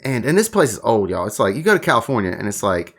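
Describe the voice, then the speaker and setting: A middle-aged man from the American South, telling stories in a casual chat as a guest, animated and laughing, full of "like" and "you know". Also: lowish voice, quick pace. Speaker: guest, wine tour guide.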